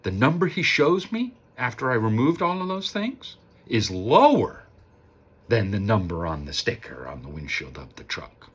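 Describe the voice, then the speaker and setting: A man's voice: fairly low pitch, sing-song, moderate pace, slightly rough. A man casually telling a personal story on his vlog, acting out the voices of the people in it. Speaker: vlogger.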